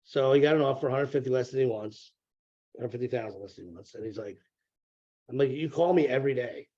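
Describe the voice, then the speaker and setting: A mellow, warm-toned man speaks in a casual interview, rambling through repeated words and dropping the odd curse. His voice arrives over a dull, lo-fi remote line. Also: medium pitch, fairly even intonation, fast talker, slightly rough. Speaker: real estate broker, podcast guest.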